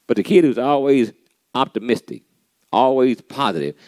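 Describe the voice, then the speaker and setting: A man hosting a motivational church pep talk, animated and preachy, often saying "man" and repeating key lines for emphasis, with a playfully sarcastic edge. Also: medium pitch, moderate pace, no room sound.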